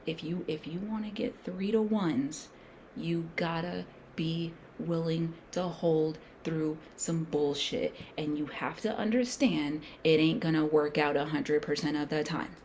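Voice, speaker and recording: A woman's voice: sits low, steady tone, unhurried, a little mellow, a little hiss or hum. A woman day trader chatting casually as she trades, thinking aloud in slangy speech and coaching viewers emphatically, sometimes sinking to a whisper. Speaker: day trader streaming a trading session. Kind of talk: casual talk-along while trading.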